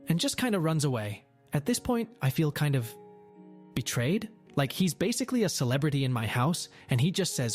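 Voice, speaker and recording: A man's voice: mid-range voice, lively intonation, normal speed, soft background music. A man narrating a Reddit post aloud in a wry, sardonic manner.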